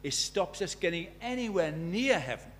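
A man preaching a sermon in a church, emphatic, asking rhetorical questions and swinging from loud to hushed. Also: sits high, sing-song, moderate pace, slight background noise.

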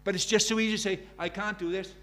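Older male preacher, high-pitched, earnest sermon delivery with soft asides and fervent peaks. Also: fairly even intonation, fast talker. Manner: earnest, swinging between soft and emphatic, acts out quoted prayers.

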